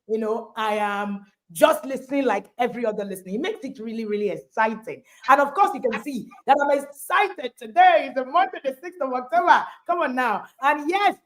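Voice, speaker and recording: A high-voiced woman hosts a parenting livestream. She is exuberant and chatty, her pitch leaping around as she laughs and hypes her guest. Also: fairly quick. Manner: exuberant, animated, laughs often. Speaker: host and parenting coach. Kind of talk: livestream interview.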